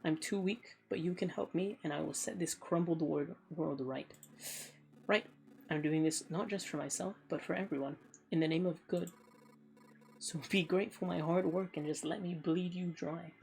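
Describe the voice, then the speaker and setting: A woman voicing a hungry, weary ancient vampire in a video game, reading the lines plainly in her own gravelly, lowish voice. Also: normal speed, darkish tone. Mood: brooding.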